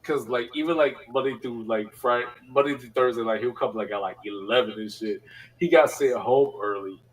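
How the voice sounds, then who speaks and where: A man's voice: mid-range voice, normal speed, breathy edge, distant mic, poor audio. Laughing storyteller man, a bit off-mic. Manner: animated storyteller, laughs often, filler-heavy slang. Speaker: podcast co-host. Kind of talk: casual chat, storytelling.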